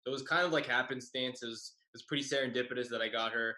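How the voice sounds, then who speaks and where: A young man and comedian telling a shared story in a halting, wry way full of fillers over a video call. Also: mid-range voice, steady tone, bright, forceful tone, reverberant, rough recording. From Bay Area, California. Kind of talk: tag-team comedic storytelling.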